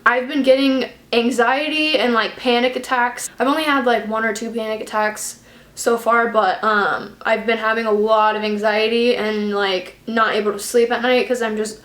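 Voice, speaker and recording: In an echoey room, a young woman talks to camera for her vlog, slightly breathless and rambling with plenty of fillers. Her fairly bright voice is on the high side, delivered flatly at normal speed.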